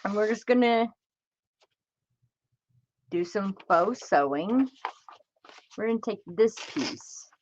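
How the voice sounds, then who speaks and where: A woman's voice: mid-range voice, lively intonation, slow, pauses often, lo-fi sound, noisy background. A woman chatting casually on a crafting livestream, talking to herself as she works and greeting viewers by name.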